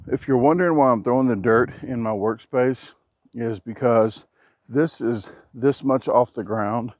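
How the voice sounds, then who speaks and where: A man talking casually to camera while building outdoors, rambling and cracking jokes, keeping his naturally loud voice down. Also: mid-range voice, no echo, lo-fi sound. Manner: joking, rambling, self-deprecating asides. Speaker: vlogger. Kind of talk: casual vlog talk to camera. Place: outdoors at a backyard building site. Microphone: action camera.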